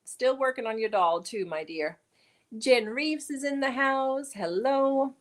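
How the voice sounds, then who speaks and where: A woman's voice: high-pitched, measured pace. A woman hosting a casual livestream, greeting viewers by name and thanking them as she reads their comments. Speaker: livestream host. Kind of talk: casual chat reading live comments.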